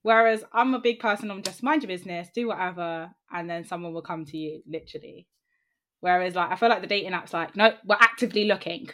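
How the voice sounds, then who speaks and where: A young woman co-hosting a casual podcast, speaking in a laid-back way and often trailing off quietly. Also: fairly low pitch, fast talker. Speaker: podcast co-host. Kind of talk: casual chat.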